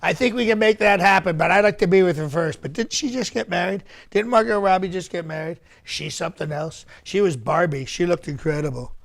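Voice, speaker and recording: A man's voice: high voice, a little fast, vocal fry, few pauses. A male comedian impersonating a boastful, rambling older male politician at a mock press conference, repeating himself and bragging. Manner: bragging, repetitive, rambling asides. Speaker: comedian doing an impression.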